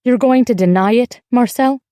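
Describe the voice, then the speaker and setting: A woman reading the lines of a pregnant young wife in an audiobook, with sharp, pointed questions. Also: fairly high pitch, moderate pace, no echo, voice pushed up, natural voice. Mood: accusing.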